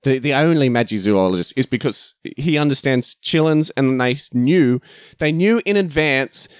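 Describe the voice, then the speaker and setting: Podcast co-host, male, mid-pitched, dry close mic, blunt and exasperated. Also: lively intonation, moderate pace, clean tone, no room sound. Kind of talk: casual movie review chat.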